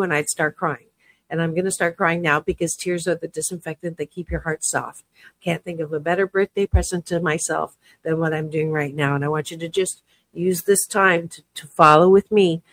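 A woman hosting a guided self-love exercise as a self-help author, speaking gentle, repetitive affirmations with chatty asides. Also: sits low, dry recording, poor audio. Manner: gentle, repetitive affirmations, often trailing off softly; chatty asides with tag questions.

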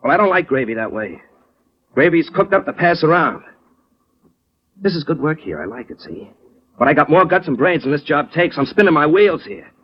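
A man's voice: on the high side, very animated, moderate pace, breathy edge. An actor playing a frustrated, streetwise working man in a 1940s radio drama, defensive and slangy. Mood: earnest. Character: Joe Vanelli, frustrated working man, restless. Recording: dull old radio recording.

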